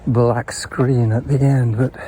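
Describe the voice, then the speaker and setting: A man talking in an unhurried, drawn-out way while he walks outdoors on a trail, his voice sitting at an ordinary middle pitch. He rambles casually to his viewers, recorded on a chest-mounted camera. Outdoor noise is clearly audible behind him. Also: little pitch movement, warm tone. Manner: chatty, rambling, greets passers-by. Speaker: podcaster vlogging his morning walk. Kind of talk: casual walking monologue. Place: outdoors on a golf course trail.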